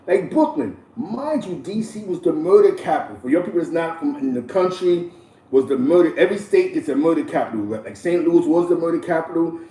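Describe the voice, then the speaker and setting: A man's voice: a little high, animated, a little fast, distant mic. New man, echoey off-mic street talk. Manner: loose, repetitive slang-heavy delivery with frequent shout-outs. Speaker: host. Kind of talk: casual street storytelling commentary. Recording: echoey room, voice a bit off-mic.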